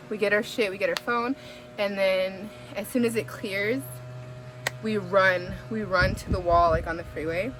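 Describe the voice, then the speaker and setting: A young woman from the Bay Area telling a story in a casual, chatty way, full of fillers and swearing. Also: medium pitch. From San Francisco Bay Area. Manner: chatty and animated, heavy "like" fillers, swears, laughs while telling.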